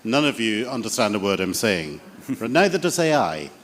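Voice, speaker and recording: A man's voice: lowish voice, very animated, moderate pace, fairly bright tone, slight background noise. Joking Scottish panelist man. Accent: Scottish, Edinburgh. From Scotland. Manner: jokey, teasing. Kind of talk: panel discussion. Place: conference stage.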